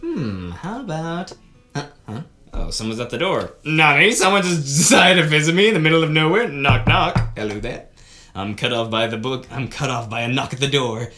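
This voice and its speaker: A woman reading a visual novel aloud, with theatrical commentary and sudden laughing shouts. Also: rumbling low, expressive, moderate pace, soft background music. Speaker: game streamer.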